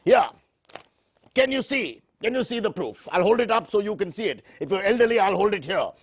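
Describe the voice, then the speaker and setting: A man playing a pompous, self-important anchor in a parody of a shouting TV debate show. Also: sits high, lively intonation, fairly quick, breathy edge, highs cut off. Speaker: satirical news anchor.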